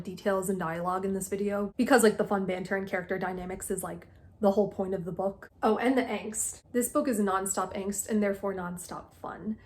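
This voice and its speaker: A woman's voice: medium pitch, darkish tone. A young woman doing a chatty, gushing book recap full of self-mocking asides. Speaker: book vlogger.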